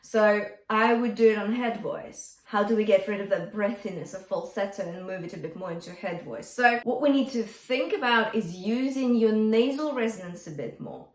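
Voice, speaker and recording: A woman's voice: mid-range voice, moderate pace, few pauses. A woman vocal coach teaching a singing lesson, often checking in with "okay?" as she explains technique. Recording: echoey room with faint music.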